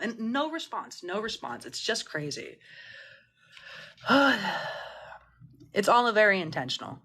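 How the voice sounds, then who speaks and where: A woman's voice: medium pitch, big pitch swings, measured pace, pauses often, a bit bright, husky. A woman mutual aid organizer on a phone livestream, talking passionately and indignantly, swearing freely and rambling with restarts. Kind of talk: livestream Q&A rant.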